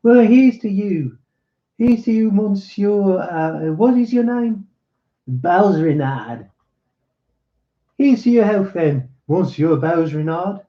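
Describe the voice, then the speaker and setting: A bold, cunning young swordsman with a fairly high, emphatic voice, as a man reads him. He sounds raised and commanding. The recording is dull and lo-fi. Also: lively intonation, slow, roomy sound. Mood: jovial.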